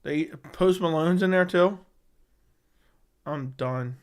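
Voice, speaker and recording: Smooth-voiced man reading chat on a livestream. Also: on the high side, slow. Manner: blunt and profane, repeats himself. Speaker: MMA livestream host. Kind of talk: casual live-stream chat reading viewer comments. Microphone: studio dynamic microphone.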